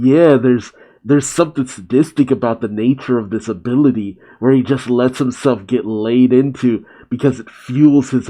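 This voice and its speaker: A man reads a comic chapter aloud, stopping to react in a relaxed, chuckling way. His pace is unhurried and his voice sits mid-range, dark and mellow. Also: medium pitch, low-quality recording. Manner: relaxed, laughs often.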